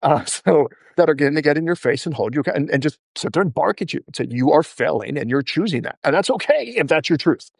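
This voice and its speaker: Fast-talking podcast host guy, blunt, jokey, dry studio sound. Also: on the high side, animated, creaky, breathy edge, no echo. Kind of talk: conversational interview.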